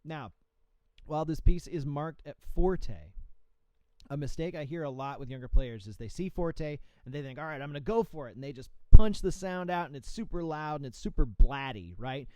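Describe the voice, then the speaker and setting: A man's voice: a little high, expressive, normal speed, warm tone, no room sound. A man, a music professor, giving coaching tips in an instructional podcast and checking in often with "okay?" and "right?". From USA.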